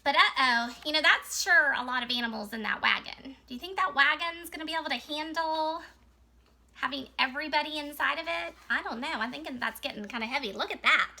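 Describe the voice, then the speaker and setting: A woman teacher reading a picture book aloud to young children in an animated, sing-song storytime voice. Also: high voice, brisk, vocal fry.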